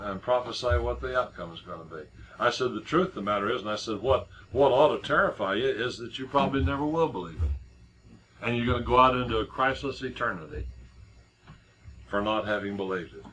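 A man's voice: medium pitch, fairly bright tone, a little hiss or hum, poor audio. A middle-aged man preaching a sermon in a conversational way, with many restarts and repeated words as he tells a story.

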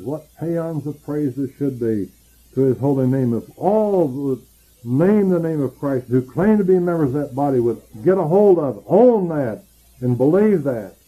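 A man preaching a sermon, earnestly building emphasis and then dropping low and quiet to tell a personal story. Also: husky, low-quality recording.

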